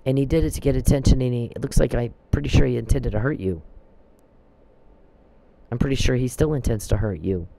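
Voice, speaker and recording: Gravelly man preaching emphatically. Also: medium pitch, brisk, long pauses, mellow, low-quality recording. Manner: preachy, emphatic, scripture-quoting. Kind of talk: religious exhortation monologue.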